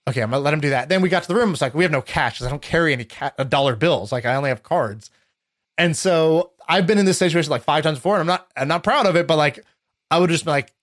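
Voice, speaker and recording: A man's voice: on the high side, quick pace, fairly bright tone. A young man telling stories in casual conversation, rambling with lots of filler words and restarts.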